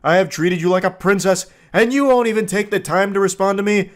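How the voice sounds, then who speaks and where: A man's voice: fairly high pitch, brisk, natural voice. A man doing a whiny obsessed young man. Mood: furious pleading. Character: obsessed young man pleading, then raging.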